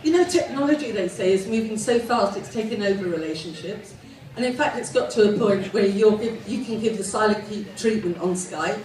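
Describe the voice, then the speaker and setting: A woman's voice: mid-range voice, lively intonation, fairly quick, reverberant, distant mic, low-quality recording. A posh-sounding woman from England performing a self-mocking stand-up comedy set, telling stories built around punchlines. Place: live comedy venue with audience.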